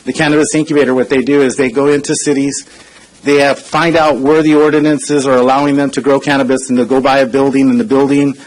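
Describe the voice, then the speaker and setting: A man's voice: medium pitch, flat delivery, fast talker, a little mellow, low-quality recording. A man in his forties giving an earnest public comment speech at a council chamber podium, conversational and full of hesitations. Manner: conversational and earnest, frequent uh fillers. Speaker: consultant speaking at public comment.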